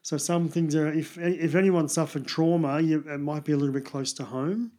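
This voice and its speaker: Male co-host, chatty and rambling, fairly high-pitched, casual banter. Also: fairly even intonation, normal speed, mellow. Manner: chatty, rambling, self-deprecating. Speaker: podcast co-host. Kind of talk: casual chat about TV and movies.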